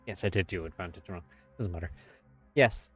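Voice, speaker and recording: A man's voice: sits low, a little fast, faint music behind. A man running a tabletop horror game as game master, casual and playful.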